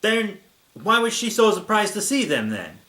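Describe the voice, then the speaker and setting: A man's voice: high-pitched, sing-song, moderate pace, sharp tone, reverberant. A young man hosting a comedic fan fiction reading, sarcastic and exasperated.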